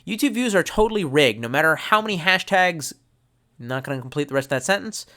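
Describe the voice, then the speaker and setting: A man's voice: on the high side, lively intonation, fairly quick, sharp tone. A man, drunk, rambling and swearing as he reads out chat on a live stream. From United States. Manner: profane, rambling, mock-angry outbursts.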